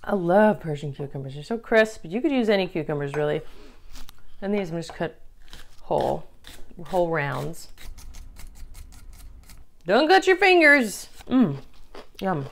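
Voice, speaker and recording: A woman's voice: low-pitched, moderate pace, pauses often, a little mellow. A woman making a salad on camera, gushing over the food, exclaiming and humming her approval as she works. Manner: murmurs and hums of approval. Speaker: cooking vlogger. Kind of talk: casual cooking demonstration.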